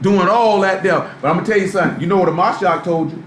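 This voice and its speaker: A man's voice: high-pitched, fast talker. A man preaching a live sermon in a loose, street-style way, full of rhetorical questions. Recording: echoey room, faint background noise, live stream.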